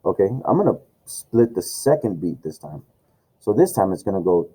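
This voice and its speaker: A man's voice: low-pitched, big pitch swings, moderate pace, mellow, slightly rough, poor audio. A man teaching an online music lesson, loose and encouraging, talking with plenty of fillers. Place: home room with camera and tablet.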